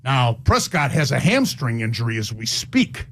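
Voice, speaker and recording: A man with an Irish accent and a gravelly voice, reporting a sports rumor slowly and deliberately in a played clip. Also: medium pitch, big pitch swings, fairly bright tone.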